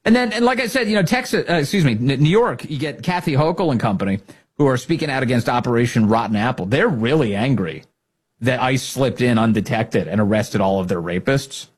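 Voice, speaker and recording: A man hosting a political commentary show, talking in an animated, mocking way. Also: mid-range voice, a little fast, slightly rough. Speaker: show host.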